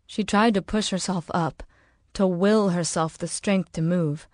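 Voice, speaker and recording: A woman reading an audiobook in slow, measured, dramatic narration. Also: on the low side, fairly even intonation, a little mellow, no room sound, studio quality. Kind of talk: scripted narration.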